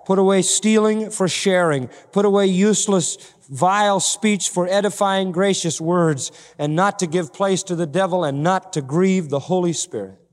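Emphatic high-voiced male preacher in a reverberant hall. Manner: emphatic, rising to loud peaks and dropping low; asks the congregation direct rhetorical questions. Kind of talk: sermon.

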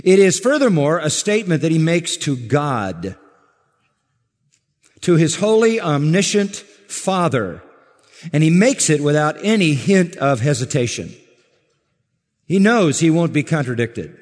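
A man's voice: a little high, sing-song, a little mellow. Emphatic male preacher in a reverberant hall. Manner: measured, emphatic preaching with slow stressed phrases. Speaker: pastor. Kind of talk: sermon.

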